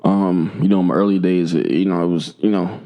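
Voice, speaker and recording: A young man co-hosting a podcast in casual chat, animated, laughing and swearing freely. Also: sits low, fairly quick. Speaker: podcast co-host.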